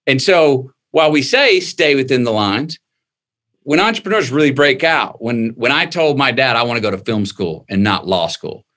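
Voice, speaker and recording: A man speaking as a guest in an interview, animated and emphatic, acting out the voices of people he quotes. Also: mid-range voice, normal speed. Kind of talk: conversational interview.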